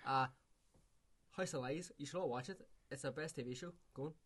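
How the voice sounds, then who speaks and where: A man co-hosting a casual film podcast, jumping in quickly and swearing. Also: medium pitch, a bit bright. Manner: quick, interrupting, profane. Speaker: podcast co-host.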